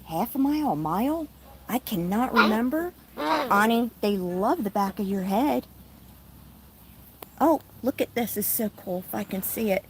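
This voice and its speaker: A woman from Tennessee talks slowly and casually to her viewers, reading comments aloud while hushing a restless bird. She is outdoors at home, holding her phone, with a faint hiss of noise behind her. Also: on the high side, lively intonation. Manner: soothing a noisy bird between chatty asides. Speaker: vlogger with a pet cockatoo. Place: outdoors at home with birds and dogs nearby. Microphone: handheld phone.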